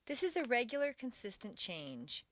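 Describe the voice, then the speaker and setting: Woman, pronunciation teacher, scripted audio lesson, slow careful drilling, lively intonation, dry recording. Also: a little high, dry recording. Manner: slow, careful drilling with deliberate stress contrasts.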